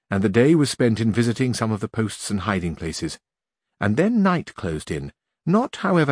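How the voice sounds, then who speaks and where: A man with a mid-range voice narrates a classic novel as an audiobook, telling the story in a measured, expressive way. The recording is dry, with clean studio sound.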